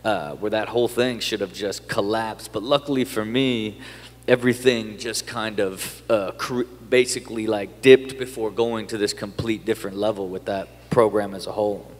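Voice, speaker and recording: Male guest, casual interview, excitable storyteller who swears freely and restarts sentences, in a space with a long reverb tail. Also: on the low side, normal speed. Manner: animated, swears a lot, many fillers and restarts. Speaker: podcast guest.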